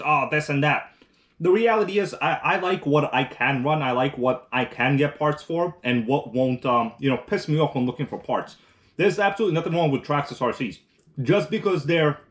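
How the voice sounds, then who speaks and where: A man hosting a casual live stream, chatting while eating and reading viewer comments aloud, rambling with restarts. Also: on the high side. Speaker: livestream host.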